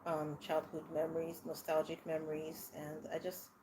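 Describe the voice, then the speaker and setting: A woman's voice: low-pitched, monotone, normal speed, noisy background. Brief laughing woman livestream host. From Nigeria. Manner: chatty, laughs often, frequent fillers and restarts. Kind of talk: casual live chat answering viewer comments.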